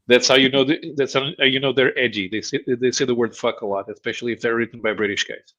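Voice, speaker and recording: A man's voice: medium pitch, fairly even intonation, fast, pushed and bright. Wry man on dull remote audio. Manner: wry, short quips. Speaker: co-host guest. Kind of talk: casual livestream chat.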